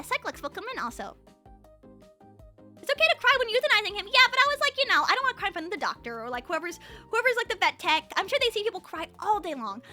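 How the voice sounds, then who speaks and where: A woman's voice: very high-pitched, bright, forceful tone. A young woman streamer chatting casually to her viewers, rambling with lots of fillers and restarts. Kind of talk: casual livestream chat.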